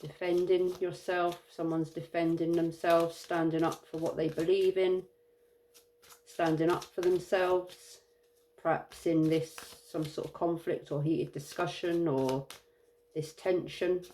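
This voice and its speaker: A tired woman giving an intuitive tarot reading, musing and halting with many fillers. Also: on the low side, flat delivery, mellow, slight background noise. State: tired, yawning. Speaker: tarot reader.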